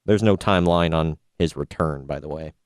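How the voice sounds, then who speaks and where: A man's voice: extremely low pitch, moderate pace, clean tone, no room sound, clean studio sound. A man hosting a casual wrestling news podcast, wry and opinionated, often laughing at his own jokes. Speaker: podcast host.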